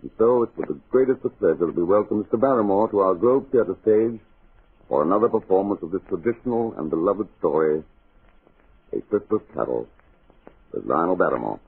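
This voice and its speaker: A man hosting an old radio drama show, giving a suave, measured formal introduction. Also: low voice, lively intonation, breathy edge. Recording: tinny old radio broadcast.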